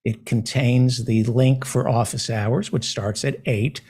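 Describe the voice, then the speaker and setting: A man hosting a live talk show, delivering a sarcastic monologue that swings from loud outbursts to muttered asides. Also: mid-range voice, fairly even intonation, slow, slightly rough. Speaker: podcast host. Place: small room overlooking an air shaft.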